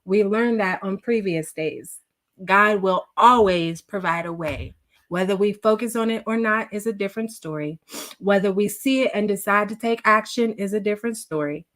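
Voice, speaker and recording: A woman's voice: medium pitch, moderate pace, a bit bright. Woman devotional host, earnest and teary, addressing a live audience. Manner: earnest, emotional, reads viewer comments aloud. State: tearful. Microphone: livestream.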